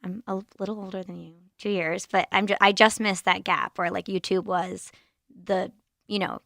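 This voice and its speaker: A young woman with a bright, clear voice tells stories with animated energy, acting out quoted lines. The sound is dry and close to the mic. She is chatting as a podcast guest. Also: medium pitch, normal speed, dry recording. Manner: animated, quoting others in lively voices. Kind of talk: casual chat, storytelling.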